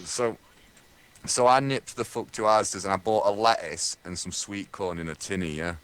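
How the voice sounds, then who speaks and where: A man's voice: lowish voice, steady tone, normal speed, fairly bright tone, clean tone. A young man from Lincolnshire, telling a rambling, crude comic tall tale full of swearing. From Lincolnshire, England.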